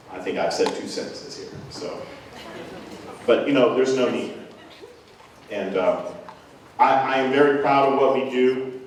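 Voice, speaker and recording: A middle-aged man speaks off the cuff as a band director, earnest and a little self-deprecating, his voice sitting a bit low. He is picked up from a distance in a large hall, so the sound is roomy and heavily echoed, with a faint hum of ambience underneath. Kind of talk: unscripted speech to parents.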